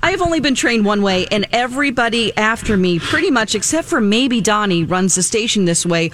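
Woman on morning radio going off on a rant, bright sharp voice, little bit of hiss behind. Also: mid-range voice, a little fast. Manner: animated storyteller, laughs while talking. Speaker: radio co-host. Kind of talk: casual radio banter, ranting story.

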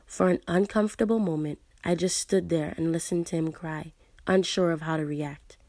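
A woman reading a dramatic story aloud in a hushed, sometimes breathy voice, and later chatting casually about the book. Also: lowish voice, fairly even intonation, normal speed, dry recording. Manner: hushed, at times breathy narration. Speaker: reader and book reviewer.

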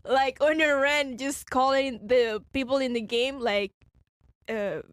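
High-voiced woman on a podcast, giggly, animated storyteller. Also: takes it slowly, clear, resonant tone, no echo, clean studio sound.

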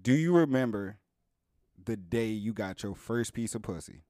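A man's voice: fairly low pitch, lively intonation, normal speed, warm tone, dry recording, clean studio sound. A man in casual podcast banter who makes his point carefully, often restarting his sentences. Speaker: podcast co-host.

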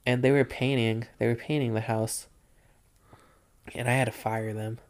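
A young man telling rambling stories in a relaxed, casual chat, full of fillers. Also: medium pitch, moderate pace.

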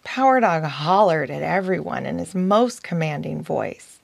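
A woman narrating a children's fantasy story in a playful, unhurried way. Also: deep voice, lively intonation, vocal fry, no echo.

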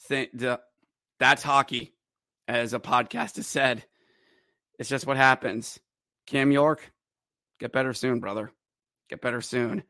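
A man hosting his own hockey podcast, recapping games in an animated, joking way and breaking into loud shouts. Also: medium pitch, no room sound, studio quality. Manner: excitable, jokey, acts out players' voices with sudden loud shouts. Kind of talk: animated solo sports recap.

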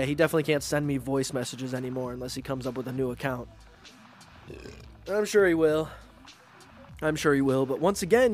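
A man hosting a podcast, ranting in a casual, profane, animated way and mocking others with put-on voices. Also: fairly high pitch. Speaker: podcast host. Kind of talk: casual rant.

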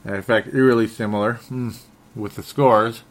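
Man, lowish voice, solo sports talk host, frustrated, rambling, stumbling over words. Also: fairly even intonation, moderate pace. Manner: restarts and self-corrections.

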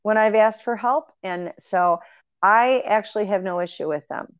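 A woman recounts paranormal happenings as a guest, speaking at normal speed in a clean, mid-range voice. She rambles earnestly with fillers and restarts in casual conversation, and the lo-fi audio is dry and dull with no echo.

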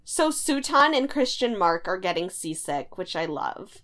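A woman's voice: medium pitch, sing-song, a little slow, a bit bright. A young woman co-hosting a casual chat recap, sarcastic and chatty, who often acts out quotes. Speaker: podcast co-host.

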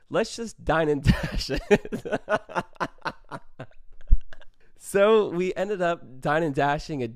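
A young man hosting his own show, telling a profane, animated party story and acting out every quote in his own voice. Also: medium pitch, smooth, dry recording, clean studio sound. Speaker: podcast host. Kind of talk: casual storytelling.

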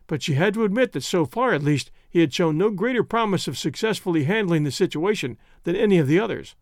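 Man narrating a novel, high voice. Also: no echo, studio quality. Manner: steady, measured storytelling. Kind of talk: audiobook narration.

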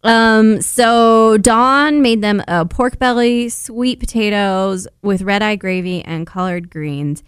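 A woman's voice: medium pitch, slow pace, few pauses, smooth, dry recording. Woman podcast host recapping tv, mid voice, dry close mic. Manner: animated storytelling, quotes people a lot. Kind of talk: casual recap chat.

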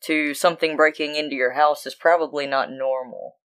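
A woman co-hosting a podcast, telling animated, profane stories in casual chat. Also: deep voice, fairly quick. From United States. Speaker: podcast co-host.

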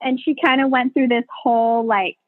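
A woman's voice: a little high, normal speed, no room sound. A woman midwife chatting as an interview guest, telling birth stories with lots of fillers and acting out what people said. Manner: animated, acts out quoted voices, many fillers. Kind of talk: casual interview storytelling. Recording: dry, tinny phone-like sound.

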